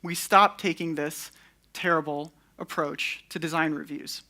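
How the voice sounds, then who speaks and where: A man's voice: fairly high pitch, fairly even intonation, measured pace, bright, forceful tone. A young man giving a candid conference talk on stage, with wry, sarcastic asides. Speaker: conference speaker.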